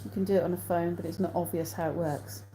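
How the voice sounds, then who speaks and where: Mellow-voiced English woman chatting on a live stream. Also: on the low side, fairly even intonation, quick pace, slight background noise, rough recording. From England. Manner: chatty, reads out viewer comments and answers them, laughs often. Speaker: vlogger hosting a live stream. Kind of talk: casual live-stream chat. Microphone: phone.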